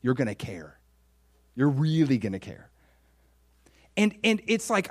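Animated male preacher with hushed asides. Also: fairly high pitch, unhurried, pauses often, breathy edge. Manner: animated, swings from loud exclamations to hushed near-whispers; conversational, acts out quoted voices. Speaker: pastor. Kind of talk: sermon.

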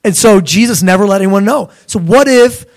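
A young man preaching a sermon in a lively, conversational way, now and then acting out voices of biblical figures. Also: high-pitched, fairly quick.

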